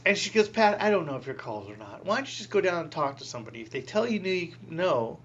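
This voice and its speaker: Animated storytelling priest, lo-fi. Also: male voice, fairly high pitch, quick pace. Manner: animated, acts out quoted voices with laughing asides. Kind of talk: storytelling in an interview. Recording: dull lo-fi recording with faint hum.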